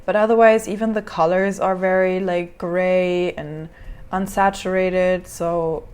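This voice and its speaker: A woman's voice: lowish voice, steady tone, unhurried, a little mellow, smooth. A young woman hosting a reaction video, chatting casually and thinking aloud with many fillers and restarts. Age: young adult.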